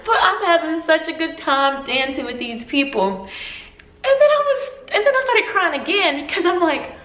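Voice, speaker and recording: A woman in her twenties telling a story for her vlog, animated and emotional, often laughing. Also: very high voice, moderate pace, echoey room, music in the background, low-quality recording. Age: 20s.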